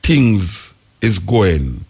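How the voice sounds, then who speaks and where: A man's voice: sits low, drawn-out words, vocal fry, slightly rough. A man with a Jamaican accent hosting a radio talk show, rambling in patois about the news. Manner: rambling, patois-heavy, animated storytelling. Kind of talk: casual on-air commentary.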